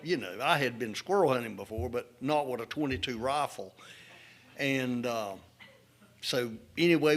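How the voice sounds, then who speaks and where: Man, funeral eulogy, folksy, halting, fillers, mid pitch. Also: fairly bright tone.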